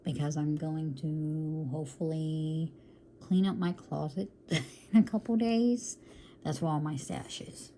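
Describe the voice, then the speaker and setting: A woman with a low, gravelly voice chats at an unhurried pace while she works on a craft project. She keeps calling her viewers y'all, drops in quick apologies and mutters to herself as she works. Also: fairly even intonation, warm tone, slight background noise. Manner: chatty, calls viewers y'all, apologetic asides; talks to herself while working. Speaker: crafting vlogger. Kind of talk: casual chat while diamond painting.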